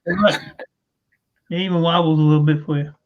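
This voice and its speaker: A man joining a livestream with quick, joking quips and banter. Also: fairly high pitch, steady tone, narrow, tinny audio. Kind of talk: casual stream banter.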